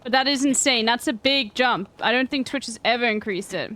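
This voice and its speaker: A woman's voice: a little high, fairly quick, bright, forceful tone, rough recording. A young woman streaming a game, chatting crudely and jokingly with her viewers. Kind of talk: casual gameplay commentary.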